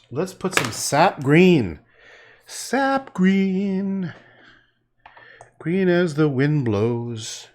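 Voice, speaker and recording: A man painting on a livestream, rambling, joking and swearing as he talks to his chat. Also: a little high.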